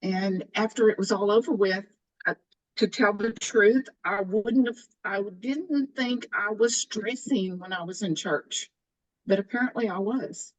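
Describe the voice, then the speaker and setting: A woman in her sixties sharing her own experience in a faith group, halting and restarting as she speaks. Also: mid-range voice, poor audio. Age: 60s. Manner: halting, with many restarts and fillers.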